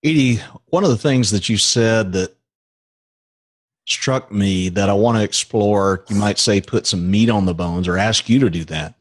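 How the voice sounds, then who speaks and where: A man hosting an interview, asking measured, conversational questions and explaining what he wants to explore. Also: fairly low pitch. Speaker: interviewer host.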